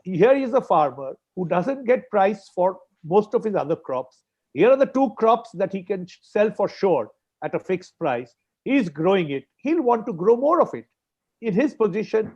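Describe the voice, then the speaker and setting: A man's voice: high-pitched, a little mellow, husky. Emphatic Indian man on a lo-fi call. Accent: Indian English. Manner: emphatic, repeats points for stress. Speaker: farmers' movement spokesperson. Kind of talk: argumentative panel discussion.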